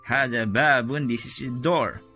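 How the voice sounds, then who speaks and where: Bright-voiced man teaching step by step. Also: mid-range voice, faint music behind. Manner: explains step by step, repeating each word slowly. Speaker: Arabic teacher. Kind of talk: casual video lesson.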